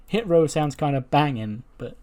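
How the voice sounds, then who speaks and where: A man's voice: a little high, lively intonation, normal speed, warm tone. A man narrating a wrestling simulation game casually, chatty and rambling, trailing off with "um". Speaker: game commentator.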